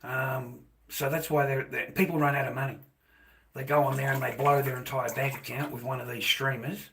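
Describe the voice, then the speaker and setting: A man's voice: medium pitch, flat delivery, fairly quick, creaky, fairly bright tone, a little hiss or hum. A middle-aged Australian man ranting bluntly to his livestream chat, swearing freely as he rambles.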